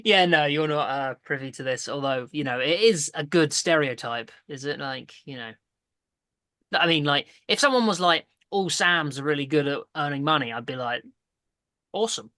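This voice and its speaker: A man hosts a loose, joking podcast chat. He has a bright, forceful voice, and he rambles, restarts his sentences and laughs often. The sound is dry and close, with little room echo. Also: a little high, expressive, moderate pace. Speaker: podcast host. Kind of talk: casual chat.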